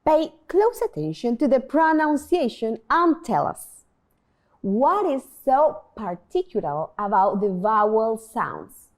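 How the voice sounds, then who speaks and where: Woman teacher for a scripted beginner lesson; animated, clear, unhurried delivery. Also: on the high side. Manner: slow, clear modeling of pronunciation, prompting repetition. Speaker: language teacher.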